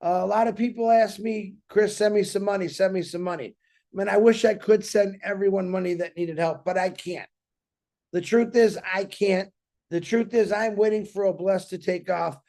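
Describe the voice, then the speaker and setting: A man's voice: high-pitched, steady tone, moderate pace, a little mellow. A man hosting a community show, talking earnestly and casually, rambling and repeating himself. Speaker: show host. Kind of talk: casual motivational talk to a community.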